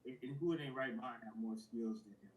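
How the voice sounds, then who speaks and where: A man's voice: medium pitch, fairly quick, rough recording. A man in his forties, a former fighter turned boxing analyst, telling stories in a casual interview and acting out the dialogue. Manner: animated, acts out quoted dialogue.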